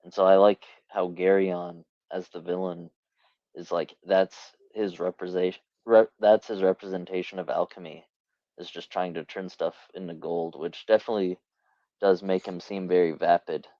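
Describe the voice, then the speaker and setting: A man's voice: deep voice, steady tone, normal speed, warm tone, no echo. A man co-hosting a podcast, musing thoughtfully with some hesitant fillers, on a dull, dry lo-fi mic. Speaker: podcast co-host. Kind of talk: casual podcast chat.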